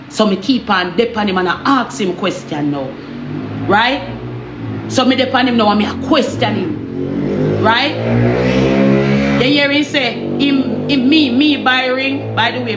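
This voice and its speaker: A woman's voice: fairly high pitch, fairly bright tone, echoey room, slight background noise. A woman with a Jamaican accent telling her own story in a heated, emphatic way, often stopping to ask if you understand.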